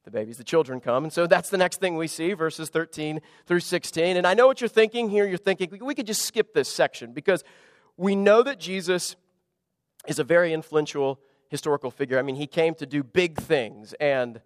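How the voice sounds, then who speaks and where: Pastor guy preaching, high voice, lively and joking around, long hall reverb behind him. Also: studio quality. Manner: animated, emphatic preaching with humor and sudden drops to quiet. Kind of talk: sermon.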